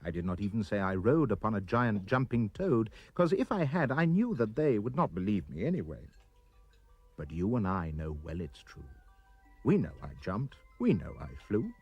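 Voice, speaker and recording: A man reading a rhyming children's poem aloud with expressive, sing-song delivery. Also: on the low side, moderate pace, slightly rough, no echo, muffled recording, soft background music. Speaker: reader.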